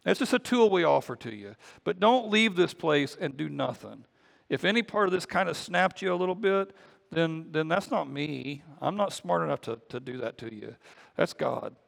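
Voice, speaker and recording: A man's voice: on the high side, animated, normal speed, vocal fry, a bit bright. A man preaching a conversational sermon as pastor, often repeating words as he goes. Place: church sanctuary. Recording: long reverb of a church hall.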